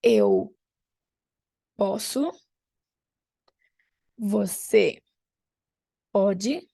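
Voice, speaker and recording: A woman teaching an online language lesson, patiently repeating phrases slowly for her students. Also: mid-range voice, wildly swooping pitch, vocal fry, warm tone, breathy edge, dry recording.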